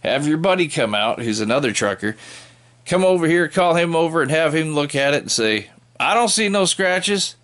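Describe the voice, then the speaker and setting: A man's voice: a little high, lively intonation, fairly quick, fairly bright tone. A man doing a sarcastic stand-up routine as a trucker, telling wry stories. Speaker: trucker comedian. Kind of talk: stand-up comedy how-to monologue.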